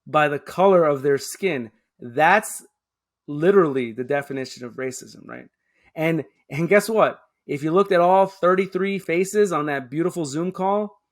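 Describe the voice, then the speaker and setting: A man, a guest making emphatic points in a conversational interview and checking in with "right?" as he goes. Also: fairly high pitch. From Queens, New York. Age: 30s. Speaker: guest, public affairs officer.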